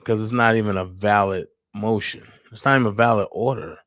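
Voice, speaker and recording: A man hosting a casual livestream chat, giving his opinion in a blunt, candid, unhurried way. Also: on the low side, fairly even intonation, fairly bright tone, dry recording, studio quality. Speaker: livestream host.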